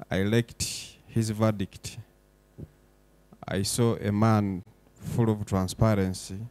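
Young man, low mellow voice, impassioned speechmaker building to forceful declarations, dry close sound. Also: no room sound. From Uganda. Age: young adult. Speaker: foundation director giving a speech. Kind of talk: emotional public speech. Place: event hall.

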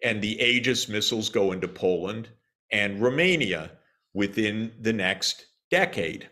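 Male economist guest, low register, deliberate unhurried delivery, pointed and indignant. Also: lively intonation, bright, forceful tone. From United States. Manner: emphatic and indignant, frequent "uh" pauses. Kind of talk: interview answer, argumentative.

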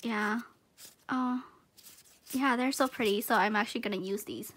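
Bubbly high-voiced woman unboxing gifts. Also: normal speed. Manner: excitable, gushing, frequent gasps and giggles. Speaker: unboxing vlogger. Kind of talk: casual unboxing chat.

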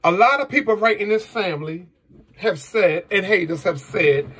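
Fired-up guy ranting at the camera, high voice, kinda husky, lotta cussing, aave. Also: lively intonation, moderate pace, a bit bright. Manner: heated, profane, rhetorical questions. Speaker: vlogger. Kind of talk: angry monologue to camera.

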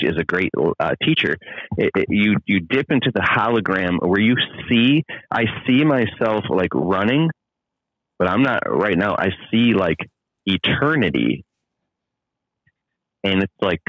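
A man's voice: low voice, no room sound. Intense profane man on a lo-fi phone. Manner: intense, profane, animated storytelling. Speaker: guest, landscaping business owner. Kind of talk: casual podcast chat. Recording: lo-fi phone line.

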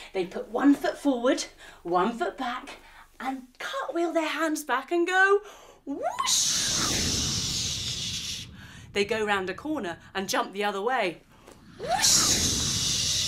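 A woman's voice: medium pitch, a little hiss or hum. A woman leading a kids' yoga session as a storyteller, playful, with sound effects and animal noises. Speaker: kids yoga teacher and storyteller.

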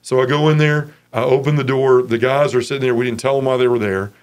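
Man telling an animated testimony. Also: fast talker, smooth. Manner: animated, acts out others' voices with raised pitch; earnest and emotional. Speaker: interview guest. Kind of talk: personal testimony storytelling.

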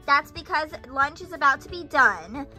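Woman playing mommy to dolls, high bright voice, soft and reassuring, little kids music faint behind. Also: expressive, moderate pace. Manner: gentle, reassuring. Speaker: mommy in doll play. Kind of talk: doll play-acting.

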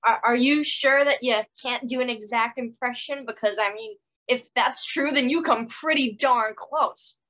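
A woman's voice: on the high side, measured pace, fairly bright tone, poor audio. A woman co-hosting a podcast who asks the guest questions in a playful, giggly way. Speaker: podcast co-host. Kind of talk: casual podcast interviewing.

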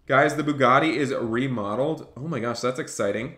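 A man's voice: mid-range voice, fairly even intonation, quick pace, few pauses, fairly bright tone. A man streaming a game live, cheerfully thanking donors and barking mock police orders as he role-plays a cop. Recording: echoey room, faint noise.

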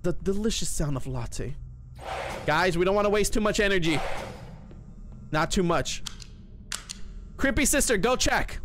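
A man's voice: high voice, measured pace, pauses often, faint music behind. A man streaming a horror game, talking to his chat and shrieking whenever something scares him. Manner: excitable, shrieks when scared. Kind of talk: live gameplay commentary.

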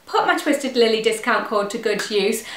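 With a fairly high, animated, somewhat bright voice at a normal speed, an English beauty vlogger gushes over fragrances on camera. She lists each scent note in turn, and the room sounds echoey.

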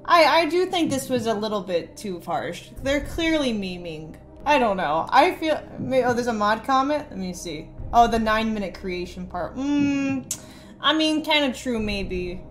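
A young woman with a slightly higher voice reads out viewer messages and answers them with sarcasm. She sounds casual and quick to mock. Faint music runs underneath. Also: sing-song, a bit bright. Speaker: streamer reading chat messages. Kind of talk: casual stream commentary.

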